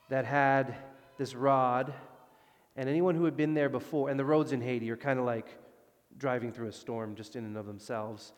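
A man preaching a sermon, animated, moving between loud emphasis and hushed, calm passages. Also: mid-range voice. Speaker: pastor. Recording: long hall reverb.

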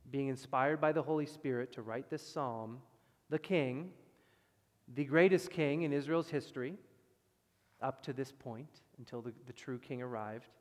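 A man preaching a sermon as pastor, with emphatic loud stresses that drop to quiet, low passages. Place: church sanctuary. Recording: long reverb of a church hall.

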